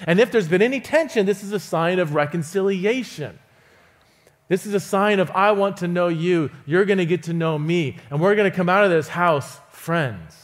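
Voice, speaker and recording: A man giving a sermon as a guest preacher in a church, telling stories in an animated way, acting out the quoted voices and chuckling often. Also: high voice, moderate pace. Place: church auditorium.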